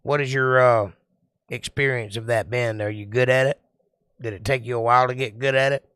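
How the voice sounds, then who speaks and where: A man chats with his livestream viewers in a measured, lilting sing-song cadence. His voice is bright and clean, and it is recorded dry and close on a desktop mic at home with no room echo. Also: mid-range voice, fairly even intonation, smooth. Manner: slow, deliberate, sing-song delivery. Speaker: livestream host. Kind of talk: casual chat reading viewer comments.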